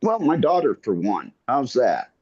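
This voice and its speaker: Halting male caller on a dull line. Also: mid-range voice, huge pitch swings, a little mellow. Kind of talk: call-in discussion.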